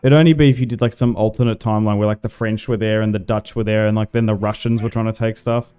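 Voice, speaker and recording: A man's voice: lowish voice, steady tone, fast talker, dark tone, clear, resonant tone. A man from Tasmania with an Australian accent, chatting casually to his live chat while playing a strategy game, rambling with lots of fillers. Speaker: gaming livestreamer.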